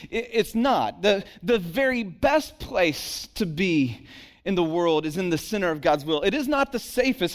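A pastor delivers a sermon in a high-pitched voice, talking at an unhurried, deliberate pace. He preaches conversationally, asking the congregation questions and restarting his words, then sinks low and quiet to land his points. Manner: conversational preaching with rhetorical questions, dropping low and soft for emphasis; frequent repeated words and restarts.

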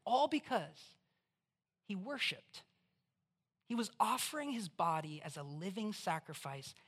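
A preacher giving a conversational, animated sermon in church, putting questions straight to the listeners. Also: medium pitch. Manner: acts out voices in quotes.

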